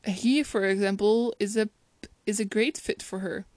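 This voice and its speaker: A female film reviewer gives casual spoken commentary on a romantic film, chatty and reflective, often laughing and restarting her sentences. Her voice is medium-pitched and darkish, with fairly even intonation at a moderate pace, and there's no room sound.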